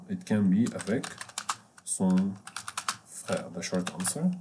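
A man teaches French through English, his deep, mellow voice carrying the lesson. He repeats each word and stops to explain with the odd filler. Faint keyboard typing sits behind him. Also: slight background noise. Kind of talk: bilingual language lesson.

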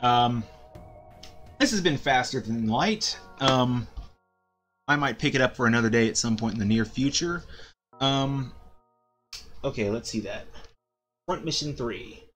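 A man's voice: medium pitch, lively intonation, unhurried, long pauses, a bit bright, soft background music. A man streaming a game live and commenting casually, often stammering and filling gaps with ums and uhs.

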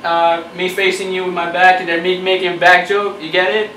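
Bright mock-furious male comedian ranting. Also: high voice, flat delivery, a little fast, reverberant, far from the mic, a little hiss or hum, low-quality recording. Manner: mock-angry, profane, sarcastic. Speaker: YouTube comedian. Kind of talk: comedic rant to camera.

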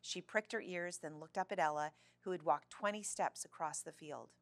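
Gravelly-voiced woman reading a children's story. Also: fairly low pitch, normal speed, no echo. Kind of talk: reading a children's novel aloud.

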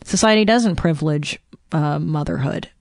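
A woman's voice: deep voice, moderate pace, no room sound, studio quality. A woman who is a podcast guest, talking candidly and with animation in casual conversation and laughing often.

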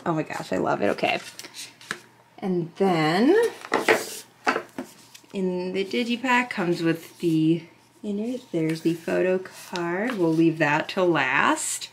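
A woman's voice: lowish voice, a little hiss or hum. Woman unboxing stuff and fangirling hard, squeals and gushes, chatty. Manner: gushing, excitable fan talk. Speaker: unboxing vlogger. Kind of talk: casual unboxing chat.

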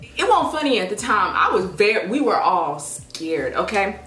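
A young woman vlogger telling a story in a casual, dramatic, animated way. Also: mid-range voice, normal speed. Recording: echoey room with faint music.

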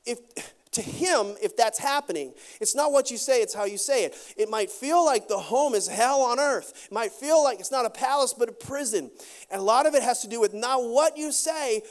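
A man preaching a sermon as pastor, animated, acting out quotes and adding quick asides. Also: sits high.

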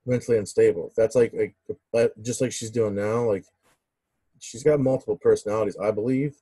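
Blunt man, very deep, husky, dry close sound. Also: fairly even intonation, brisk, dark tone, dry recording. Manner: dismissive, blunt. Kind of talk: casual commentary.

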